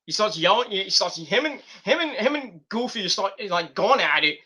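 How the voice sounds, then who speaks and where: A man's voice: high-pitched, big pitch swings, moderate pace, pushed and bright, slightly rough. A man reviewing a wrestling show in a loose, rambling way, giggling and restarting his sentences. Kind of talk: rambling casual commentary.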